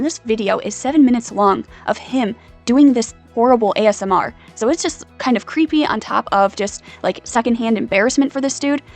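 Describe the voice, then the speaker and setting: Woman doing a casual commentary vid, kinda high voice, says like a lot. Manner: casual, lots of filler like "kind of, like". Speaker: commentary host. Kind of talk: online commentary.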